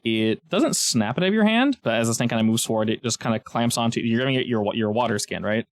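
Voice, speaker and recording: A man's voice: mid-range voice, animated, fast, no echo. A man narrating a tabletop game as game master, in a chatty way with frequent restarts.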